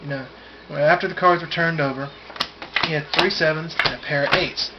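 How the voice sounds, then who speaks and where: A man with a slightly high voice spins a rambling, folksy yarn while doing a card trick. The recording is muffled and buried under heavy hiss, with cards clicking now and then. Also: fairly even intonation, brisk. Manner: folksy, rambling, repeats words. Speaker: amateur magician performing a card trick. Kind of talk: storytelling patter during a card trick.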